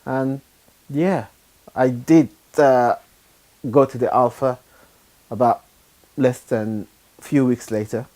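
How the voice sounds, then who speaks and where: Man, halting personal testimony. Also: medium pitch, steady tone, darkish tone. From Sudan. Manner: halting, unhurried, with frequent pauses and fillers. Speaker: churchgoer giving his testimony.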